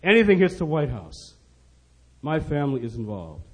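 A middle-aged man preaching an impassioned sermon, pressing his points with repetition and loud emphasis. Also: a little high, big pitch swings, normal speed, breathy edge. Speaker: preacher speaking on poverty. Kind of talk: sermon-style speech.

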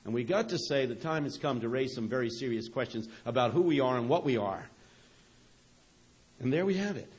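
A man preaching a sermon, animated, swinging from near-shouts down to hushed lines. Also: mid-range voice, brisk.

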